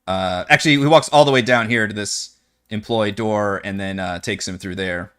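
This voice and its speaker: Animated male game master narrating. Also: on the low side, normal speed, clear, resonant tone. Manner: animated, loose, many fillers.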